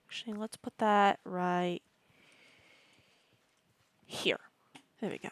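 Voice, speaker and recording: Slow-talking woman in a role-play. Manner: chatty, talks to a pet in a sing-song high voice at times. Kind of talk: in-character role-play chat.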